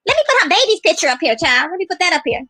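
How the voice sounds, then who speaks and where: A woman's voice: extremely high pitch, very animated, sharp tone, no room sound. A woman in her fifties ranting on a livestream, taunting and dragging out jeers. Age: 50s. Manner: taunting, drawn-out slow jeers. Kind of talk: livestream rant.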